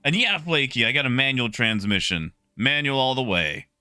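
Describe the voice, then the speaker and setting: Man, young adult, casual livestream chat, crisp clear tone, faint background music. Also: mid-range voice, normal speed, no echo, clean studio sound. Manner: relaxed and chatty, greets chat viewers by name. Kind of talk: casual chat with stream viewers.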